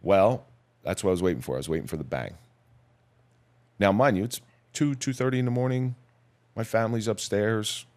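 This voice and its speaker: A middle-aged man, a police officer, recounting his story in a measured, somber, plain-spoken way as a podcast guest. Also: on the low side, a little mellow. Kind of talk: personal storytelling in a podcast interview.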